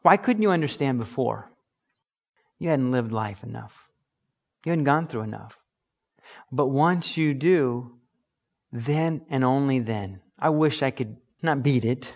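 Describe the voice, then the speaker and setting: A man's voice: mid-range voice, lively intonation, a little slow, gravelly, pauses often. A man preaching a sermon as pastor, earnest and emphatic, acting out little examples.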